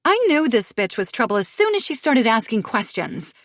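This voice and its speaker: A woman's voice: fairly high pitch, sing-song, moderate pace, no room sound, clean studio sound, voice pushed up. A woman narrator voicing a spiteful, sarcastic young woman in an audiobook thriller, mocking and cutting. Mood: hostile. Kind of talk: audiobook character voice.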